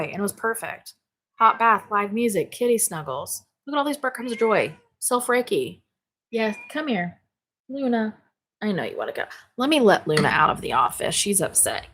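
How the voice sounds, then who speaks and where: A bubbly, exclamatory woman runs a spirituality livestream from a home office, reading viewer comments and chatting casually while laughing often and swearing casually. Her voice is on the high side with a fairly bright tone.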